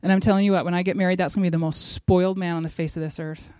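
A middle-aged woman giving a devotional talk at a church gathering, earnest and emphatic, building to forceful exhortation. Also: lowish voice, fairly even intonation, rapid-fire, clear, resonant tone, no room sound.

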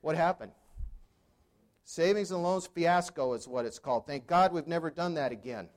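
A man's voice: fairly high pitch, lively intonation, fairly quick. A man in his sixties giving a storytelling keynote to a live audience, conversational, with dry humor and questions to the crowd. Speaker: motivational speaker.

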